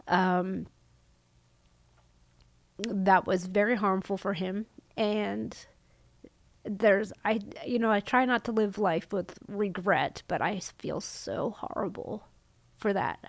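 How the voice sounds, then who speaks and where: A middle-aged woman telling her own story as a podcast guest, halting and soft-spoken, often trailing off and restarting. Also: medium pitch, vocal fry, dry recording. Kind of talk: candid personal storytelling.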